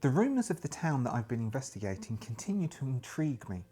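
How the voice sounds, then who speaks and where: A solemn 1920s investigator reads his journal in a hushed, measured voice, as a man voices him. The pitch sits mid-range for a man. Faint music plays underneath. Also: very animated, slightly rough.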